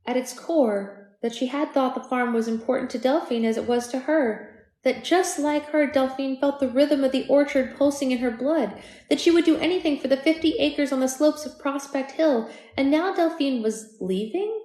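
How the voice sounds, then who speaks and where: A woman hosting a live read-aloud of a novel, reading at a steady pace and breaking off for quick chatty asides and corrections. Her voice sits fairly high. The sound carries a roomy echo. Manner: reads steadily, breaks off to chat and correct herself. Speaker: book club host.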